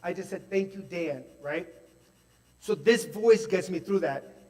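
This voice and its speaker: Brief: male preacher, higher-pitched voice, animated testimony full of "like" and "right?", long reverb hall. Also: unhurried. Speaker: speaker at a spiritual center service. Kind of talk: testimonial sermon. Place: large hall at a spiritual center.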